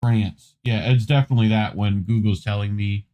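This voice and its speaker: A man's voice: on the low side, steady tone, moderate pace, warm tone. A man co-hosting a news show in loose, rambling casual commentary, with profane asides. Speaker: co-host.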